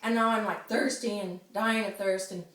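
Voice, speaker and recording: A woman telling a friend a story in casual chat, animated, often laughing and acting out the people she quotes. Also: mid-range voice, moderate pace. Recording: roomy, distant mic, noisy background.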